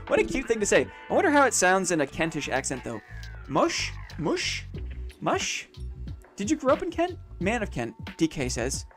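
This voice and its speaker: A man's voice: sits high, huge pitch swings, brisk, fairly bright tone, faint music behind. A man chatting casually on a late-night game live stream, thinking aloud and repeating phrases to himself.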